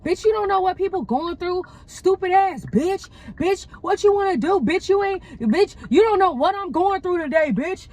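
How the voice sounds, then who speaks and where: An angry woman driver who curses and argues that it was an accident, as a storyteller quotes her. The voice sits high and swings widely as she snaps back defensively. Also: expressive, moderate pace, few pauses. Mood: irate. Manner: cursing, defensive, shouting. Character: irate cursing woman driver.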